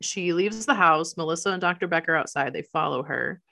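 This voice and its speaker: A woman's voice: fairly low pitch, a little fast, gravelly, bright, forceful tone. A woman in casual chat, animatedly retelling a movie plot and acting out quotes. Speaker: podcast co-host recapping a movie.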